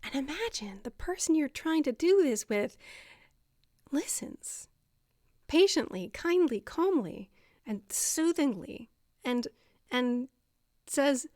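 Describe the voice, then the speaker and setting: A woman's voice: sits high, very animated, slow, long pauses, a little mellow, dry recording, studio quality. A woman explaining self-compassion to camera in a casual, conversational way, with many fillers. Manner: conversational, lots of fillers, acts out voices.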